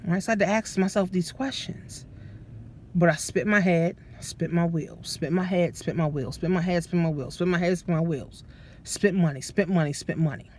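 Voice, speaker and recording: A woman business coach, giving an animated, profane motivational talk straight to her listeners. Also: fairly low pitch, moderate pace, slight background noise.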